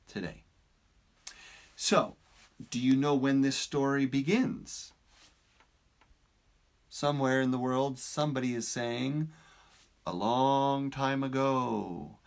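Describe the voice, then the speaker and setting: A man tells a parable in a slow, measured way, pausing often for effect. His voice rises and falls with lively expression as he draws the listener in. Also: medium pitch, gravelly. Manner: slow, deliberate, expressive with dramatic pauses. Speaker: speaker, storyteller. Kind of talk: storytelling.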